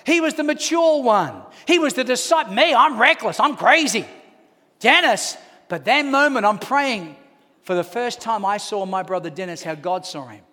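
A man preaching to a church crowd, his voice sitting very high for a man. He tells his story with big swings between quiet moments and full-throated shouts. The sound rings with a long reverb from a large hall. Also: expressive, normal speed. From Australia. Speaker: pastor. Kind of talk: sermon.

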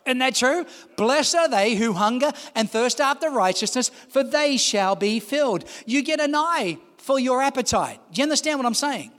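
A man in his fifties, a pastor preaching a sermon with passion, calling out to the congregation and rising to shouts. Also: very high-pitched, lively intonation, normal speed, hardly any pauses, big-room sound. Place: large church hall.

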